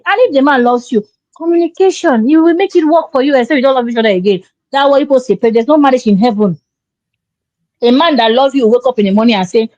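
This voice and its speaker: A woman's voice: high voice, fast talker, a little mellow, dry recording. A woman giving emphatic, preachy marriage advice in casual talk, acting out quoted dialogue. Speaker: relationship commentator. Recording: dull dry lo-fi sound.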